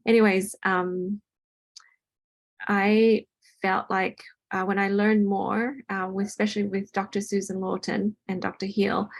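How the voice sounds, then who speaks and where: A woman with a mid-range voice and vocal fry hosts a casual chat at home while a party goes on in another room. She talks loosely, with lots of ums and restarts.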